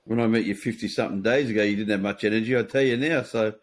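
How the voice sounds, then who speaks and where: A man with a fairly low voice, hosting a podcast conversation. He talks bluntly and plainly, dropping swear words without fuss. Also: quick pace, a little hiss or hum. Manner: blunt, matter-of-fact, swears freely. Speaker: podcast host. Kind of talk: casual conversation.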